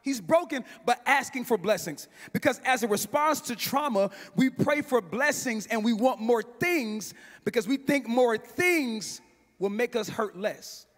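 A male pastor preaches a sermon in a sing-song cadence. His voice sits very high and rises into shouts, and he repeats phrases for emphasis. The sound rings with the long reverb of a large church hall. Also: lively intonation, a little slow.

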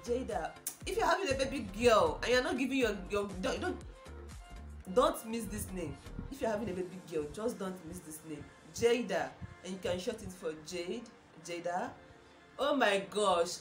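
Gushing Nigerian woman in an echoey room. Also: lowish voice. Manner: gushing, enthusiastic, repeats words and exclaims often. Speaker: vlogger. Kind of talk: casual chat to camera. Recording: echoey room with music behind.

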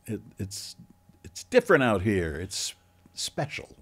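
A man's voice: fairly low pitch, wildly swooping pitch, measured pace, husky. A man hosting a podcast interview, asking short questions and reacting briefly. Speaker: podcast host. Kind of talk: casual interview chat.

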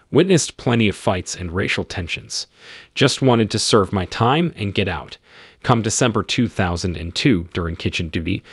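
A man's voice: fairly low pitch, slightly rough, no room sound, clean studio sound. A man telling his own story as scripted first-person narration, in terse, clipped, matter-of-fact sentences.

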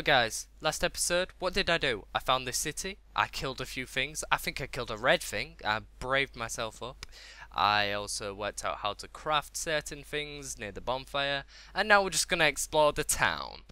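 Excitable man, very bright voice. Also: medium pitch. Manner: excitable, exclamatory, talks to himself. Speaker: gaming video host. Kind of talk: let's play commentary.

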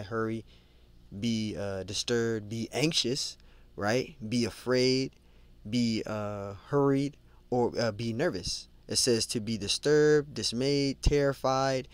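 A man giving an informal Bible study who reads scripture slowly, then talks it over conversationally, repeating himself and calling his listeners "man.". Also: mid-range voice, smooth, no room sound. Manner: conversational, repeats and restarts words, adds "man" and "you know"; reads scripture aloud slowly, then lists word meanings. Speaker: Bible teacher.

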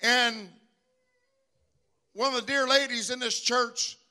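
A bishop preaching a live church sermon in a sanctuary. He speaks emphatically, repeats his lines and swells into shouts. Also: very high-pitched, steady tone, slow. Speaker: bishop and pastor.

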